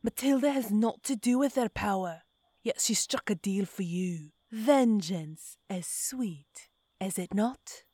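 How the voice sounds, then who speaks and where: A woman voicing a cruel, vengeful female spirit who draws out her words slowly, howling and gloating, in a storybook reading. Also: medium pitch, warm tone, no echo. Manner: slow, drawn-out, howling and screeching.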